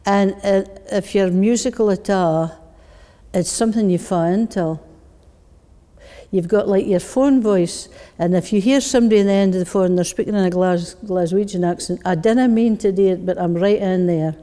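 A woman's voice: medium pitch, normal speed, warm tone. A woman with a northeast Scottish accent, chatting casually as an interviewed poet, laughing easily and using Scots words. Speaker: poet and guest. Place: arts centre. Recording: long reverb of a large hall.

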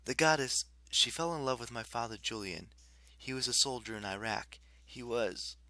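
A man reading an audiobook, voicing a serious young woman warrior demigod in a raised pitch. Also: moderate pace, pushed and bright, no room sound. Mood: earnest. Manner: raised pitch for a female role.

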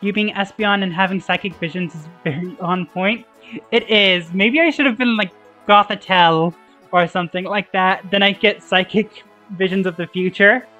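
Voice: medium pitch, moderate pace, pushed and bright. A playful streamer commentating a game and reading its dialogue aloud in a casual, giggly way, with game music under the voice. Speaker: let's play host. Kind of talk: casual let's play commentary. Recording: slightly dull mic, game music under.

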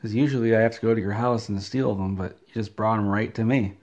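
A man's voice: lowish voice, fairly even intonation, fast, darkish tone, close to an everyday voice. A man doing a smug, pushy salesman. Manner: salesy, brazen. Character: smug pushy male game-company salesman.

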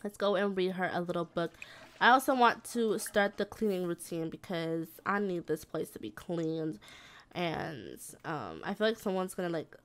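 A woman's voice: on the low side, expressive, normal speed. A woman giving casual, slangy gameplay commentary, talking to her game characters like a mom scolding and cooing at her kids. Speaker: gaming video creator.

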